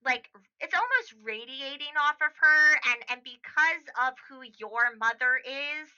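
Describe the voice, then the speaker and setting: A woman's voice: high-pitched, expressive, normal speed, bright, forceful tone. A woman narrating as game master of a tabletop game, chatty and full of fillers, heard on a dull lo-fi recording. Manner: chatty, many fillers and restarts, laughs easily.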